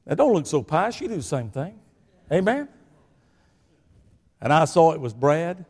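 An older man with a Southern US accent preaching a sermon, telling folksy stories that swing between shouting and hushed asides. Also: a little high, very animated, unhurried, breathy edge, in a large hall.

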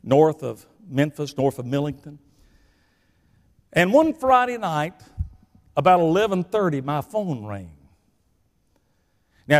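An older man with a Southern US accent and a slightly high voice preaches, the sound carrying a big-room quality. He tells folksy stories that move between shouting and hushed asides.

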